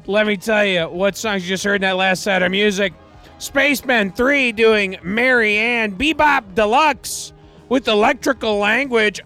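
A man hosting a college radio show from the studio, rambling through song credits and deadpan digressions with a wry, self-deprecating manner. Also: high-pitched. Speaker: radio DJ and host. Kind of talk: rambling casual radio DJ patter.

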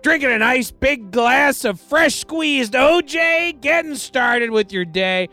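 Speaking slowly, this radio host has a high, bright, sharp voice picked up by a studio mic over quiet background music. His rambling talk between song credits is wry, digressive and self-mocking, full of deadpan asides and false starts.

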